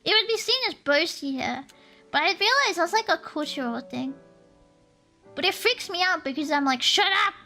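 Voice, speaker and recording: A woman's voice: high-pitched, expressive, moderate pace, pushed and bright. A woman chatting on a stream in a teasing, joking way, laughing often. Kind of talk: casual stream chat. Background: faint lo-fi music.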